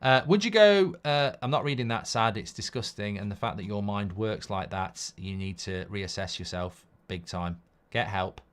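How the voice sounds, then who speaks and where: A man's voice: on the low side, normal speed, clean tone. Blunt man rambling on a live stream. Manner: rambling storyteller, reads chat comments aloud; blunt, swings between loud outbursts and mutters. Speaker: football watchalong host. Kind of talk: live-stream casual chat.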